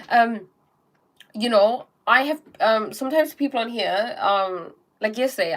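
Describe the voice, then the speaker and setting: A young woman hosting a live stream, talking casually about self-help and often checking in with "okay?". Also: on the high side. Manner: chatty, repeats "okay?" and "um", acts out little scenes.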